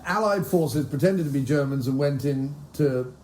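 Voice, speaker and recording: A man's voice: on the high side, normal speed, darkish tone. A man hosting a podcast in casual chat, jokey and giggly, riffing on puns. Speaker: podcast host.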